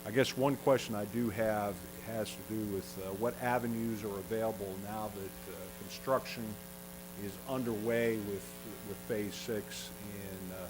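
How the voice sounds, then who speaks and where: A man speaking as a resident at a public hearing in council chambers, politely and formally addressing the chair. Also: fairly low pitch. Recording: mains hum and background noise.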